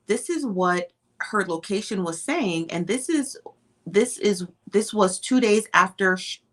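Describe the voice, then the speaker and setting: A woman's voice: mid-range voice, lively intonation, a little slow. A woman hosting a casual livestream, chatty and greeting viewers one by one with easy laughs. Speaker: livestream host.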